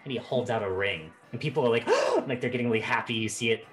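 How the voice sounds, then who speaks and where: A man running a tabletop game as game master, narrating in an animated, rambling way with lots of fillers. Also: mid-range voice, racing.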